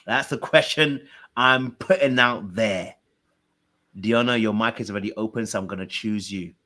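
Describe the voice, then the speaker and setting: A man's voice: fairly low pitch, brisk, sharp tone. A man hosting a casual online talk show, welcoming guests with a loose, drawling patter full of "you know what I mean.". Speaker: podcast host. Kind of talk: casual chat.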